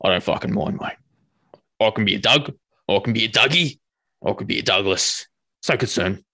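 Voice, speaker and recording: A game master puts on a laid-back male elf who keeps things easy and friendly. The voice rings bright and forward, and it sounds close and dry, with no room around it. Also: on the low side, expressive, a little fast, no room sound, exaggerated voice. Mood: reassuring. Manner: casual and chummy, calls people mate.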